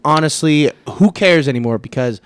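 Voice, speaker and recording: A man's voice: a little high, moderate pace, clear, resonant tone, no echo. A young man co-hosting a casual beer-tasting podcast, rambling and hesitant with lots of fillers. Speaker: podcast co-host. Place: home studio.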